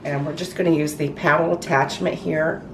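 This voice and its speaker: A woman's voice: low voice, steady tone, normal speed. A middle-aged woman hosting a casual home cooking demonstration in her kitchen, chatty, with frequent ums and restarts. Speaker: cooking show host. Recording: roomy echo, mic far off, noisy.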